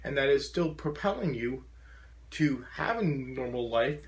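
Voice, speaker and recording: A man's voice: medium pitch, animated, a little slow. A man with a profound stutter giving an earnest, encouraging talk to a support group, often repeating sounds and blocking on words.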